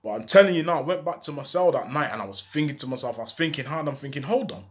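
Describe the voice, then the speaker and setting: Guy telling his own story, lots of street slang, animated, slightly high voice. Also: rapid-fire. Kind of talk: casual spoken life story.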